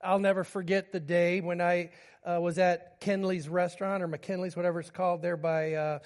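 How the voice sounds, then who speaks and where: Preacher in his fifties with a high, light voice, telling personal stories from the pulpit. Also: level tone, normal speed. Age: 50s. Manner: storytelling, moving between humor and grief. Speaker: pastor.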